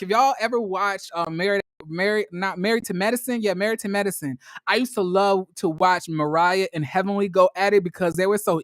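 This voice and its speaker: A man recapping a reality show in a casual, slangy, animated monologue, jumping into high squeals when acting out quotes. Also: dry recording, studio quality.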